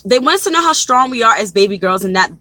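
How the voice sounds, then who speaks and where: A woman's voice: on the high side, animated, quick pace, pushed and bright, no room sound, poor audio. A young woman giving a casual live tarot reading from her car into a phone, chatty and rambling, talking straight to her viewers. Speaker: tarot reader. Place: parked car.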